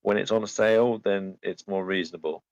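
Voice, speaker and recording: A man talks over voice chat in a very deep voice, matter-of-fact as he looks things up. His mic sounds dull and lo-fi, and very dry. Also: fairly even intonation, a little fast, darkish tone, dry recording. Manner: matter-of-fact, checks facts aloud. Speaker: co-host in voice chat. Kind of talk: casual gaming chat.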